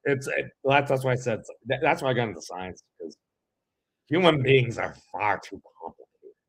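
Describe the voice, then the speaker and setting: Rambling man with a gravelly voice. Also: medium pitch, lively intonation, moderate pace. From New England. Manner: rambling, self-interrupting, many restarts. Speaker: podcast co-host. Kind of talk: casual commentary while reading an article.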